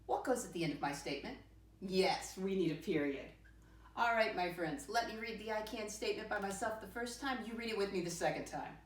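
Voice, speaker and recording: A woman's voice: on the low side, animated. Sing-song teacher woman in a roomy space. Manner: sing-song teacher voice, spells words slowly letter by letter. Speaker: first-grade teacher. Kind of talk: teaching a lesson to young children. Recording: roomy sound with the mic at a distance.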